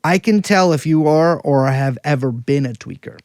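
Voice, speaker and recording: A man's voice: fairly high pitch, normal speed, a little mellow, no room sound, studio quality. A man co-hosting a casual podcast, rambling and sardonic, wandering through digressions. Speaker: podcast co-host.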